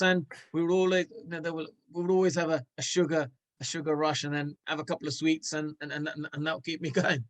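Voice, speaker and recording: Hesitant man, slightly high voice. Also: flat delivery, quick pace, a bit bright, rough recording. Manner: hesitant, with many restarts and fillers. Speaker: guest, former cricketer. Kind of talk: casual interview chat.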